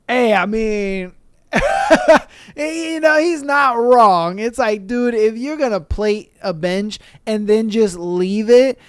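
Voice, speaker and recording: A young man hosts a solo podcast, reading out gym stories and reacting with casual, profane exasperation. His voice is smooth and clear. It sits close on the mic with no room sound. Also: high-pitched, dry recording. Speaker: podcast host.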